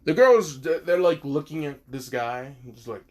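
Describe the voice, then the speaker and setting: A man's voice: a little high, animated, moderate pace, darkish tone. A man casually retelling a fan story, rambling and swearing, with many fillers and asides.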